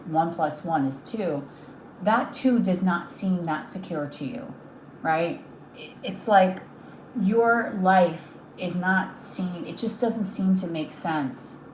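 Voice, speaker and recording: A woman's voice: lowish voice, a little mellow, roomy sound, a little hiss or hum, rough recording. Soothing woman giving a tarot reading. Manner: soothing, reassuring, repeats "okay?". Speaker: tarot reader.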